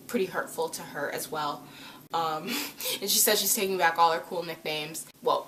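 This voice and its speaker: A woman's voice: on the low side, a bit bright, a little hiss or hum. A woman reviewing a cartoon episode in a casual, chatty, rambling way, with lots of fillers. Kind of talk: casual chat.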